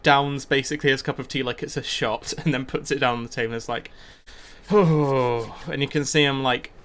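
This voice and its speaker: A man's voice: mid-range voice, steady tone, fast talker, pushed and bright. A man with an English accent narrating as game master of a tabletop game, rambling and restarting often. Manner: rambling, lots of ums and restarts.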